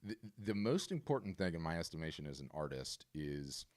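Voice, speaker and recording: A man's voice: extremely low pitch, big pitch swings, fairly quick, darkish tone. A man hosting a webinar on a video call, coaching an artist in a casual, emphatic way and often repeating his words. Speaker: webinar host and art business coach.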